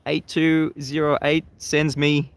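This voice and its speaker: A man's voice: a little high, level tone, slow, clean tone, dry recording. Chatty Australian man hosting a livestream. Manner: chatty, laughs often, repeats words as he restarts. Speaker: livestream host. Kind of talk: casual live-stream talk, reading chat. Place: outdoors facing the sea at sunrise.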